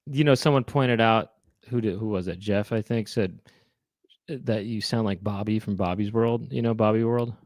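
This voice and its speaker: Low-voiced man rambling casually. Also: normal speed, a little mellow, dry recording. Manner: meandering, trailing off with "you know" and "um". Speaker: host. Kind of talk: casual chat.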